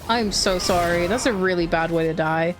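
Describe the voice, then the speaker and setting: A woman's voice: fairly low pitch, moderate pace, music in the background. A woman streamer giving casual, playful commentary while she plays, chatting to herself and laughing easily.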